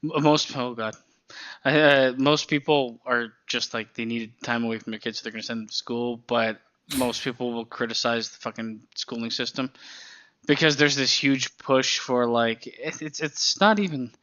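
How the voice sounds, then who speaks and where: A man on a podcast, ranting in a casual way, swearing and breaking into laughs. His voice has a bright, sharp edge, though the recording sounds a little dull and muffled. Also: medium pitch, steady tone, normal speed. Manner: profane, ranting, laughs often. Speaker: podcast co-host. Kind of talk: casual chat.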